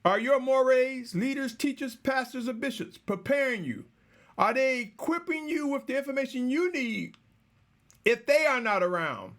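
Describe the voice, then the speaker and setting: A man delivering a slow, measured, exhorting sermon, repeatedly addressing his listeners as brothers and sisters. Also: very high-pitched, animated, a bit bright. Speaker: preacher.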